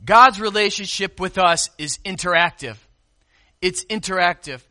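A man preaching a conversational sermon as pastor, stressing key words and moving between loud and soft. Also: sits high, normal speed. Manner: conversational preaching with call-and-response.

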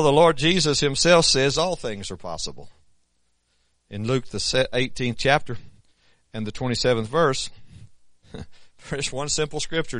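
A man preaches in a plain, folksy sermon voice. He climbs to loud, emphatic peaks, then drops to soft, quiet asides. The sound is close and dry, with no room echo. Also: medium pitch.

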